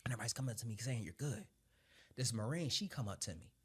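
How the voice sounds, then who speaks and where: His mid-range, slightly rough voice races as the former Marine sergeant, a man in his thirties, tells his story conversationally. He is animated, laughs a lot, and swears casually.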